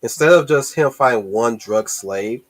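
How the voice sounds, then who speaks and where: A man hosting a casual movie discussion stream, excited and rambling, with lots of restarts and swearing. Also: medium pitch, moderate pace. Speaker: host.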